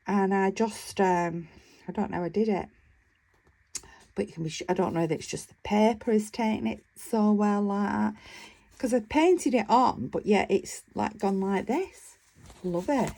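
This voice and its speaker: A woman's voice: medium pitch, a little slow, creaky, warm tone. A woman vlogger chatting casually about her craft work, enthusiastic and rambling, with frequent fillers. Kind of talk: casual show-and-tell chat.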